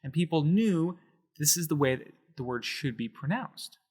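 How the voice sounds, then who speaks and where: A man explaining Spanish accent marks in a patient whiteboard lesson, slowing down to stress syllables. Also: fairly high pitch, lively intonation, a little mellow, breathy edge. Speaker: Spanish teacher.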